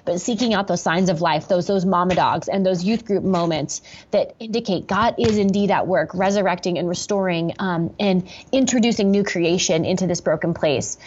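A woman's voice: on the low side, normal speed, darkish tone, highs cut off, a little hiss or hum. A woman pastor telling a personal story in an interview, earnest and reflective, with many fillers and restarts.

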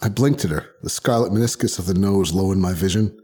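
A man's voice: low voice, fast talker, warm tone, slightly rough. A man narrating a short story in the first person, reading expressively and voicing the characters. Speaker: podcast narrator. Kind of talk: audiobook narration.

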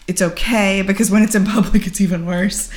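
Earnest woman, halting and candid. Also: medium pitch, steady tone, a little mellow. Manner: earnest, halting, full of "like" fillers. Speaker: podcast guest. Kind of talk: candid personal account in conversation.

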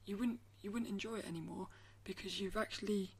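A woman hosting a solo podcast, talking in a thoughtful, musing way and often trailing off into soft, near-whispered asides. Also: medium pitch, a little fast, husky. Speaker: podcast host. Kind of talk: reflective solo podcast talk.

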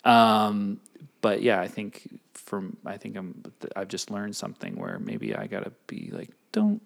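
Animated man. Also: on the low side, measured pace, vocal fry. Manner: animated, acts out voices in his stories. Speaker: podcast co-host. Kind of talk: casual chat.

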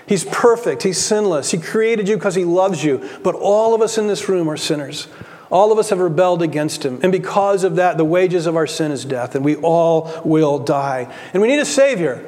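A man with a high voice preaches a sermon in earnest, often repeating words as he builds a point and then dropping his voice low for weight. The sound carries the long ringing reverb of a large church hall. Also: animated, moderate pace, a little mellow. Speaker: pastor.

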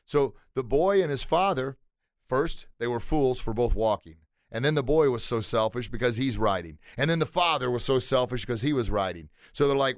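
A man hosting a motivational podcast who tells a story with emphatic, animated delivery. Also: mid-range voice, normal speed, dry recording, clean studio sound. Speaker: podcast host.

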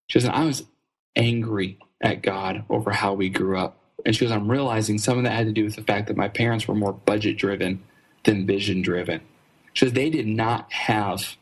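A man with a slightly husky, breathy voice, speaking as a guest trainer. He tells stories earnestly and with animation, often restarting his sentences. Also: fairly low pitch. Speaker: ministry fundraising trainer, guest. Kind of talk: conversational storytelling interview.

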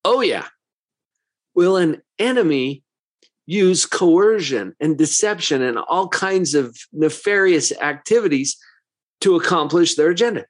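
A man's voice: on the high side, lively intonation, unhurried. A man who works as a psychologist giving a motivational talk, full of rhetorical questions, with a conversational and emphatic manner.

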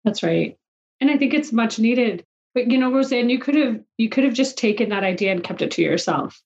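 A woman's voice: on the high side, animated, fairly quick, creaky, a little mellow. Woman host, heartfelt storyteller, slightly muffled lo-fi audio. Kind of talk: casual podcast conversation.

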